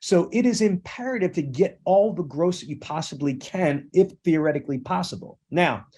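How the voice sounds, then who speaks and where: A man's voice: on the high side, expressive, moderate pace, mellow, slightly rough. A middle-aged man hosting a sales training podcast. He coaches with emphasis and keeps repeating "again" and "okay". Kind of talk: energetic sales training with role-play.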